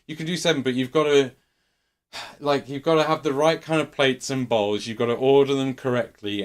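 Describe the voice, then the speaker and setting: A man streaming, telling a rambling story with lots of swearing and fillers. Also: mid-range voice. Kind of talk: casual storytelling.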